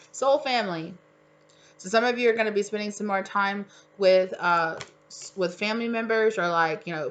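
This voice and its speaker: A woman's voice: mid-range voice, a bit bright, a little hiss or hum. Chatty woman giving a tarot reading. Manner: chatty and encouraging, many fillers like "you know". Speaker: tarot reader. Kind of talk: casual spoken tarot reading.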